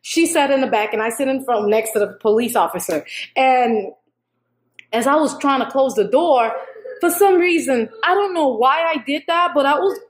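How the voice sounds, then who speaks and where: A young woman with a high, bright-toned voice recounts a dream in a rambling, animated way. She keeps restarting her sentences and acts out the dialogue as she goes. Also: moderate pace, slight background noise. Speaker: YouTuber sharing a prophetic dream. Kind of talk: casual spoken dream account.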